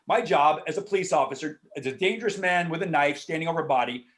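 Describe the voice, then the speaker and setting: A man, an actor, answering questions in a casual Q&A over a video call, frank and animated, swearing freely and filling talk with asides. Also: a little high, fast. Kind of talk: casual Q&A storytelling.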